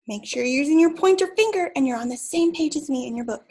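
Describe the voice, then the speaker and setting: A woman teaching young children to read, speaking slowly and encouragingly and drawing out her words. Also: fairly high pitch, darkish tone. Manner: slow, drawn-out, encouraging teacher voice. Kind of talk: early reading lesson for young children.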